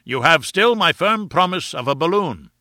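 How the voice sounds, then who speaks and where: A man's voice: on the high side, lively intonation, fairly quick, bright, forceful tone, no room sound, studio quality, voice pushed up, exaggerated voice. A man voicing a stately, commanding elderly professor who declaims his words emphatically. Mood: confident.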